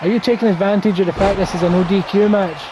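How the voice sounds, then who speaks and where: A man's voice: high voice, steady tone, quick pace, noisy background. Wry man calling wrestling. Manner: wry, teasing banter. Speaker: wrestling game commentator. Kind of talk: play-by-play commentary over a video game.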